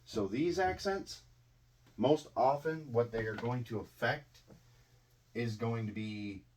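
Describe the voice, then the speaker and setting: A man with a Midwestern American accent teaching English in a relaxed, conversational way, often checking in with tag questions. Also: medium pitch, takes it slowly. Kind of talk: casual explanatory lesson.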